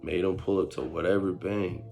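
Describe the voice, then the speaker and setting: A young man tells a story in laid-back street slang, acting out what each person said. His voice sits low and gravelly and stays fairly flat in pitch. Faint music plays underneath. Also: moderate pace. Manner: street slang, animated retelling with quoted voices. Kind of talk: casual storytime.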